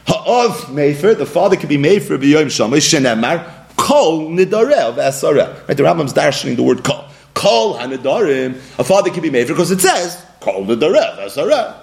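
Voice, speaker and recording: Animated male Talmud teacher. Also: mid-range voice, gravelly. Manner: animated, mixes Hebrew and Yiddish study terms. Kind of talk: daily Talmud lesson.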